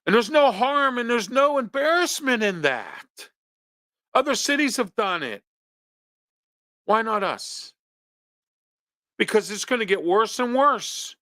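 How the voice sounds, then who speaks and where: A man's voice: extremely high pitch, big pitch swings, slow pace, long pauses, pushed and bright, no room sound. A man from hosting a local talk show, ranting his opinions with pointed rhetorical questions. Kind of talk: opinionated monologue.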